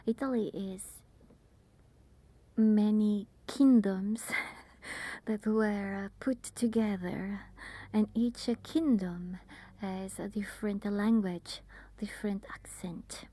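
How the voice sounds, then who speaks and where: A woman whispering as an ASMR streamer, chatting softly and haltingly with her viewers. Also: medium pitch, fairly even intonation, no room sound. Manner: halting, with many fillers. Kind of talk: whispered ASMR livestream chat.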